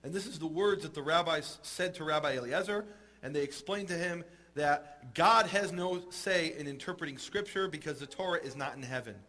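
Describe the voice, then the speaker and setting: A man telling a Talmud story in a lively, humorous way and acting out the characters. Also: a little high, normal speed. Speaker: teacher retelling a Talmud story. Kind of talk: animated storytelling talk.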